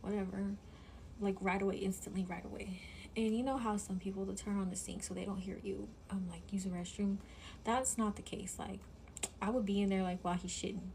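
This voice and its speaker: A woman's voice: medium pitch, fairly even intonation, fairly quick, vocal fry, a little mellow, slight background noise. A woman telling a personal story in casual chat, full of fillers, often dropping to a whisper when she quotes someone. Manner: chatty, full of "like", drops to a whisper when quoting.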